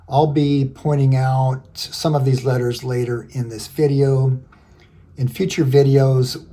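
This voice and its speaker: A man's voice: medium pitch, dark tone, breathy edge. A man hosting a language lesson as a scripted voice-over, in a formal, wordy manner with a playful detective theme. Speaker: language-learning channel host.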